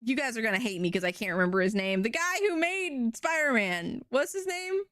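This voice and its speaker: A young woman streaming, retelling a show in an animated, rambling way with casual swearing. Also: fairly high pitch, a little fast, dry recording, clean studio sound. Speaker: VTuber streamer.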